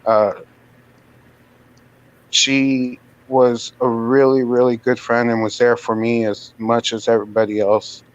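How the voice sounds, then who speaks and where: A man, a channel moderator, thanking people at a memorial stream in a halting, sincere way. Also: mid-range voice, level tone. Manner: halting, sincere, many fillers. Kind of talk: casual memorial remarks on a live stream. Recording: dull lo-fi stream audio.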